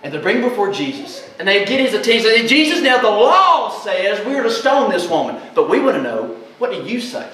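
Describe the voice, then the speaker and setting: A folksy male pastor delivers a lively sermon, tossing questions out to his congregation and answering them himself. His voice sits fairly high for a man and comes from some way off the mic. It rings through a very echoey church hall over a faint hiss of background noise. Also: fairly quick, few pauses, far from the mic. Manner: animated preacher, quizzes the congregation with "guess what" questions; folksy, plainspoken.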